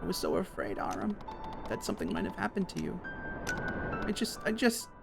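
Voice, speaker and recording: A man reading a game aloud and voicing an anxious young woman, halting and choked with tears. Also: high-pitched, huge pitch swings, creaky, over music, voice pushed up, exaggerated voice. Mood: worried.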